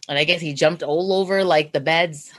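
A woman's voice: low-pitched, moderate pace, slight background noise. A young woman co-hosting a podcast, telling a story in a rambling, chatty way with lots of fillers. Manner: rambling, lots of "like", animated retelling. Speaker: podcast co-host. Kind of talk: casual storytelling chat.

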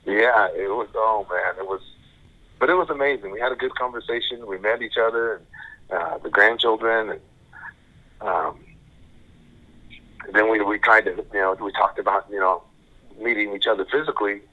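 An older man speaks in a lowish voice over a tinny phone line. He tells his story softly and haltingly, often repeating his words as he goes. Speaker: guest, birth father. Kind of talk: casual storytelling interview. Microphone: phone call.

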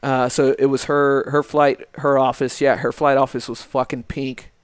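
A man's voice: mid-range voice, little pitch movement, moderate pace, clear, resonant tone, no echo, clean studio sound. A man who is a former military training instructor, talking bluntly with plenty of swearing and laughter in casual podcast chat. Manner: blunt, profane, laughs often.

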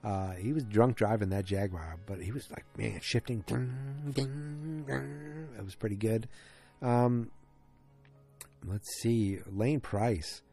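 A man with a fairly low, mellow voice talks through a TV episode in a loose solo recap. He rambles, restarts his sentences and fills the gaps with ums. Soft music plays faintly behind him. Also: a little slow, slightly rough. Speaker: TV episode reviewer.

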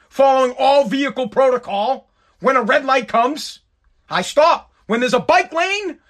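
A man's voice: very high voice, a bit bright. A man hosting a solo podcast, ranting in an exasperated, heavily profane way. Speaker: podcast host.

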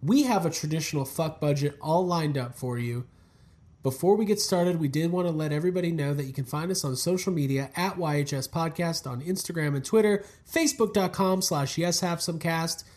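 A man hosting a podcast in casual, animated banter, joking and swearing freely. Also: a little high, brisk. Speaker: podcast host.

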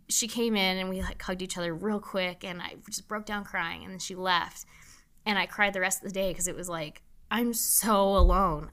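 A woman's voice: medium pitch, sharp tone. A young woman nurse being interviewed, talking candidly and emotionally, swearing freely. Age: young adult. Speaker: nurse guest. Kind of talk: casual interview talk.

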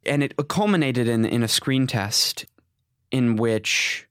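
A man in his twenties, an actor, telling stories from his career in a casual interview, rambling and animated, with many restarts and self-corrections. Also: mid-range voice, slow, smooth, dry recording, studio quality. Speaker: actor, guest.

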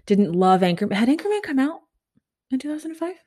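A woman in her thirties hosting a solo podcast, telling a story in a breathless, animated way. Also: sits high, fast. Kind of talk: casual storytelling monologue.

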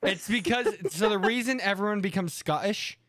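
A man co-hosting a casual podcast chat, animated and quick to joke and laugh. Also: high-pitched, no echo, studio quality. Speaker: podcast co-host.

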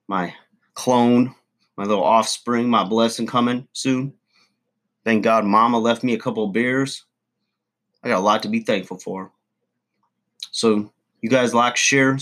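A man's voice: on the low side, a bit bright. A man telling a rambling, self-important comic story to his channel's viewers. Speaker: channel host. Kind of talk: comedic character monologue to camera.

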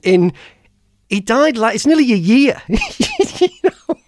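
A man's voice: extremely high pitch, lively intonation, a little slow, dry recording. A man hosting a podcast, telling personal stories in a rambling way, with lots of restarts and laughs. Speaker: podcast host. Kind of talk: casual chat, personal storytelling.

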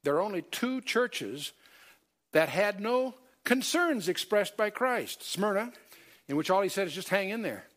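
Guy teaching bible study, kinda high voice, emphatic, lots of uh and restarts. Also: lively intonation, measured pace, fairly bright tone. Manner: emphatic, quotes scripture in King James wording; many fillers and self-corrections.

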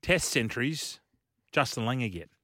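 A man's voice: mid-range voice, expressive, moderate pace, pushed and bright, dry recording. Australian male radio co-host, teasing quiz master, dry close mic. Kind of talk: casual sports radio banter.

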